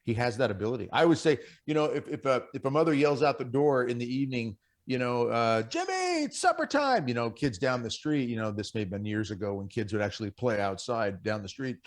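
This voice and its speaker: Speaking quickly with few pauses, this middle-aged man has a medium-pitched, steady voice. As a guest on Catholic radio, he tells stories over the studio mic and sincerely urges his fellow men forward in a conversational faith talk.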